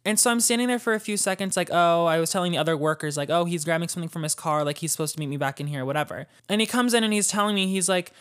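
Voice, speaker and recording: A woman hosting a podcast, telling a personal story in a chatty, animated way, swearing freely and using lots of fillers. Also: fairly low pitch, rapid-fire, hardly any pauses. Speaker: podcast host. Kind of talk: casual storytelling.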